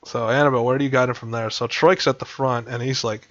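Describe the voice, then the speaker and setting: A man's voice: mid-range voice, fairly even intonation, quick pace, a bit bright, dry recording, muffled recording. A man narrating a tabletop game as game master, rambling with many fillers and acting out creature grunts.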